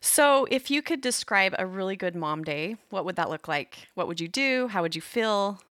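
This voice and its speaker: A woman's voice: mid-range voice, expressive, normal speed, fairly bright tone, dry recording, studio quality. A middle-aged woman hosting an interview podcast, speaking with enthusiastic, gushing praise. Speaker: podcast host. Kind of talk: conversational interview.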